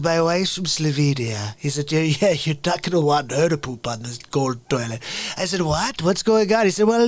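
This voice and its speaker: A man doing a comedic impression of a boastful, pompous male president who rambles in a slow, drawn-out way. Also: fairly high pitch, natural voice.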